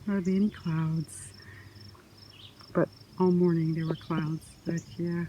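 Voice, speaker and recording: Woman rambling slow on a country road walk, mellow voice, crickets faint behind. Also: lowish voice, little pitch movement, dull audio, slight background noise. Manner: slow, soft-spoken, musing. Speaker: vlogger. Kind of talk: casual walking vlog. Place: outdoors on a quiet country road. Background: faint crickets and birds.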